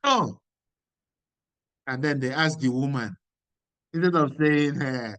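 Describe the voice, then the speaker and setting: A man's voice: mid-range voice, takes it slowly, long pauses, fairly bright tone, no echo. A man giving a motivational lecture, emphatic and repeating key lines. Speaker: speaker.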